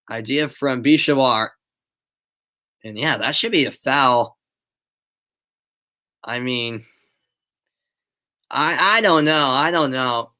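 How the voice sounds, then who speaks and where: A bright, forward-toned young man in his late teens, with a light Boston accent, calls a soccer match live for his online stream. He switches between lively play-by-play of the action and loose, hesitant chat with viewers, full of ums and friendly asides. His pitch sits mid-range for a man. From Boston area, USA. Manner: chatty, answers viewers' chat between plays; animated calling of play, relaxed and hesitant in chat. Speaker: amateur play-by-play commentator.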